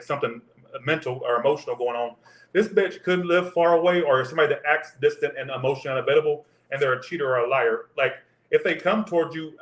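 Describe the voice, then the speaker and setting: A man's voice: medium pitch, fairly bright tone. Crude, joking man with roomy echo. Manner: crude, joking, profane banter. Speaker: tarot reader. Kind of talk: live tarot reading chat.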